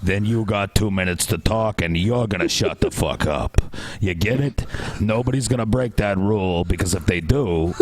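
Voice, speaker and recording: Man doing a gruff growling mafia enforcer. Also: lowish voice, moderate pace, slight background noise, pitched below the performer's own voice, natural voice. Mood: menacing. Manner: threatening, growled orders.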